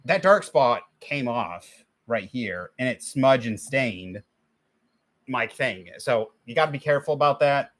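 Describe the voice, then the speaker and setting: Bright-voiced man rambling casually. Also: mid-range voice, lively intonation, unhurried. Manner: rambling, thinks aloud with many restarts; complains, then gives step-by-step drawing tips. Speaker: livestream host. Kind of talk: casual chat while drawing.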